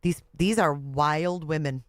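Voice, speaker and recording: A woman's voice: deep voice, slow pace, no room sound, clean studio sound. A woman reacting to a clip with blunt, sarcastic commentary and frequent swearing. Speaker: reaction video host. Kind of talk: snarky commentary.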